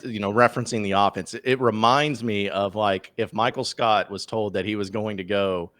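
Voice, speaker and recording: A man's voice: fairly low pitch, steady tone, normal speed, a bit bright, no room sound. A man hosting a casual sports podcast, rambling through his points with lots of fillers and restarts. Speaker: podcast host.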